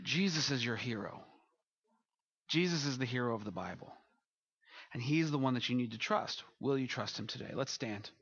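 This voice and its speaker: A man's voice: medium pitch, animated, moderate pace, pauses often, a bit bright, husky, no room sound, muffled recording. A man as pastor, preaching a sermon and leading a closing prayer, earnest and building to emphatic peaks.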